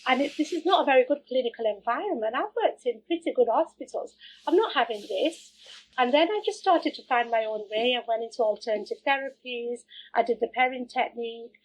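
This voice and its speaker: A middle-aged woman telling her own story as an interview guest, candid and animated, acting out the things people said to her. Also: on the high side, brisk, husky, low-quality recording. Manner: candid, animated, acts out quoted remarks.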